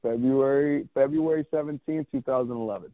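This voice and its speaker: A man in his thirties, guesting as a clothing brand's founder, relates something personal at a fairly quick clip in a medium-pitched voice. Candid and rambling, he keeps restarting and swearing, heard through a tinny, phone-like dry recording.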